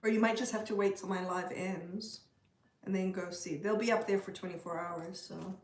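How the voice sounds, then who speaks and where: A woman's voice: mid-range voice, steady tone, moderate pace, reverberant. A woman from Canada hosting a casual livestream, chatting and answering viewer comments. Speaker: livestream host. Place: room at home with a pet bird.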